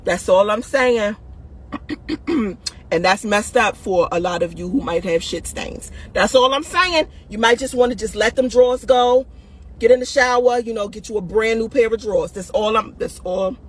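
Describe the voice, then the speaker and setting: A woman with a husky, fairly high voice speaks at normal speed while hosting a video of dating advice. Her talk is blunt, casual, and profane; she laughs often and keeps throwing "listen" and "right?" at her audience.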